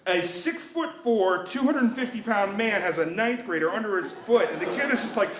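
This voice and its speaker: A man's voice: high-pitched, expressive, moderate pace, reverberant. A man in his thirties telling a personal story live, wry and self-mocking, acting out the voices of the people in it. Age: 30s.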